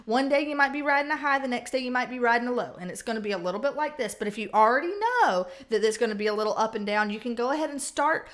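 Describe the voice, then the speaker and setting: A woman's voice: a little high, expressive, fast, few pauses, a bit bright. A woman giving a casual tarot reading, blunt and chatty, swearing freely and acting out the people she quotes. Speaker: tarot reader.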